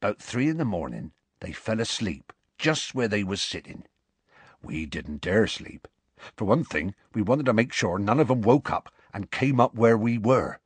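In the role of an enormous, rough-talking half-giant gamekeeper, a man narrates a story unhurriedly in a folksy country dialect with dropped letters. He sounds lowish and very animated on a dry recording.

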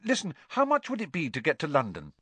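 A man's voice: fairly high pitch, huge pitch swings, fast, a bit bright, husky, dry recording, voice pushed up, exaggerated voice. A man voicing a wary teenage boy wizard who answers nervously and evasively.

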